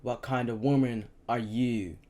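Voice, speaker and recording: Menacing soldier commander, barking threats, low voice pushed up into loud shouts, as a male reader puts him on. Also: lively intonation, moderate pace. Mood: threatening.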